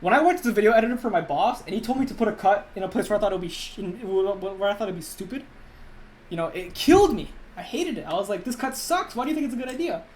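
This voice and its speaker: A man's voice: high-pitched, expressive, fast, a little mellow, a little hiss or hum. A young man in his twenties chatting casually with his viewers on a live stream, rambling with many restarts. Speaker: YouTube animator and voice actor.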